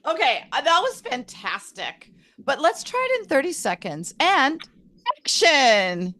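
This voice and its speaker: A woman's voice: high-pitched, sing-song, unhurried, pushed and bright, a little hiss or hum. A woman hosting an online improv game, playfully calling out timed rounds and laughing along. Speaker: improv game host and timer. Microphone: video call.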